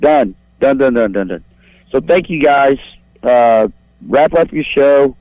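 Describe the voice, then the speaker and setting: A man's voice: medium pitch, lively intonation, slow pace, no echo. Male caller, crude, rambling, boastful, dry muffled line. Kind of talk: profane call-in storytelling. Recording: dull lo-fi phone line.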